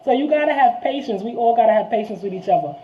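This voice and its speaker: Fast-talking New woman, tinny sound. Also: fairly high pitch. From New York. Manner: fast, animated street talk, addresses viewers as y'all. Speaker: vlog host. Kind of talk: casual monologue to viewers. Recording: tinny phone-like audio.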